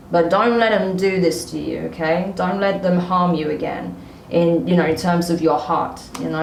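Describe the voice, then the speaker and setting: A woman talks through a tarot spread in a casual, chatty way, leaning hard on her points and circling back to them. Her voice sits a little low, and the recording rings with a noticeable room echo. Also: recorded from a distance, a little hiss or hum. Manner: chatty, emphatic, repeats itself. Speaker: tarot reader. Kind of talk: casual tarot reading to camera. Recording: roomy echo.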